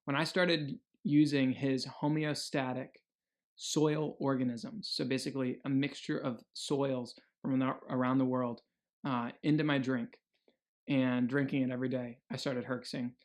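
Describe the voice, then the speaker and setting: An earnest young man speaks in a casual video diary, with a voice of ordinary pitch. He rambles freely and restarts often, with plenty of fillers. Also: level tone, unhurried. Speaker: health vlogger.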